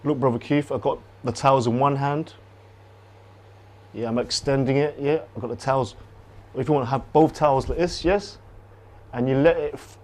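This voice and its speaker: A man leading a qigong class, calmly coaching breathing and movement with gentle repetition, on a close mic while he moves. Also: mid-range voice, moderate pace, pauses often. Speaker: qigong instructor. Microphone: close clip-on mic while moving.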